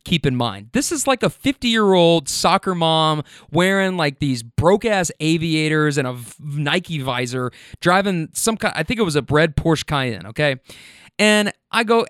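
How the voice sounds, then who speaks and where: A man hosting a podcast, telling driving stories in a casual, profane, animated way and laughing often. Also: fairly high pitch, normal speed, smooth, dry recording, clean studio sound. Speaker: podcast host and rideshare driver. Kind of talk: casual storytelling.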